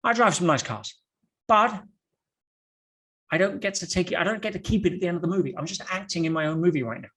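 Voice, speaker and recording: A man talking as a guest on a podcast, telling stories in an animated way with rhetorical questions and quick restarts. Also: sits high, husky. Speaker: podcast guest, motivational speaker. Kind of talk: podcast conversation.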